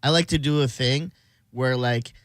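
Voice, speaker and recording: A man's voice: mid-range voice, moderate pace, fairly bright tone, no echo. A man hosting a radio show, rambling through a family story in a casual on-air chat and laughing as he talks. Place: radio studio.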